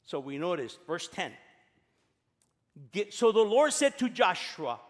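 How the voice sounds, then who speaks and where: High-voiced animated male pastor. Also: a little slow, pauses often. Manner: animated, emphatic preaching. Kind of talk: sermon. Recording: long church reverb.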